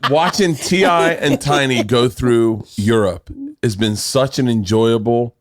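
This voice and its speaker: A middle-aged man hosting a podcast, telling animated stories in casual chat, swearing freely and laughing as he talks. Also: medium pitch. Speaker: podcast host.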